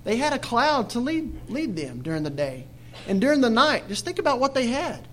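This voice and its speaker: A man's voice: very high voice, sing-song, normal speed, fairly bright tone. A man preaching a Bible study sermon, reading scripture aloud and then explaining it with questions to his listeners, acting out the people's complaints in quoted voices.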